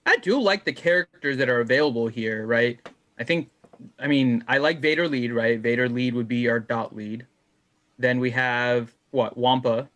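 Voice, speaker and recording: A man's voice: mid-range voice, moderate pace, fairly bright tone. A man co-hosting a live gaming Q&A, reading viewer questions and thinking aloud, often tagging on "right?". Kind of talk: casual live game chat.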